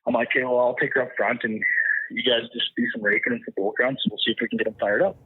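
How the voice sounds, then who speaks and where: A man, a podcast guest, casually telling a hunting story in an animated way, re-enacting what people said. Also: medium pitch, rapid-fire, slightly rough. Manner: animated, re-enacts dialogue and moose calls. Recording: tinny phone-like line.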